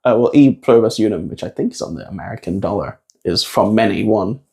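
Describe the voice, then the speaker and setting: A man's voice: fairly low pitch, animated, fast, gravelly, warm tone. A man who is a guest on a podcast, speaking in a wry, reflective way with small hesitations. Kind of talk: casual conversational podcast.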